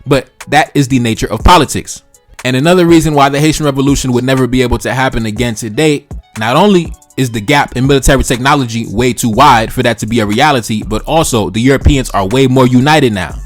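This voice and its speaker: A man's voice: mid-range voice, fast, faint music behind. A man giving an opinionated history commentary in colloquial speech, with emphatic delivery and sarcastic rhetorical questions.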